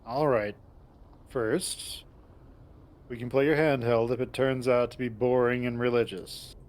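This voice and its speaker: A man reading a visual novel aloud in the first person, with wry asides and a plain, mid-pitched voice. He slips between describing the scene and talking as the lead. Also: steady tone, measured pace, a little mellow. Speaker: narrator and lead voice actor. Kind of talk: visual novel narration and acting.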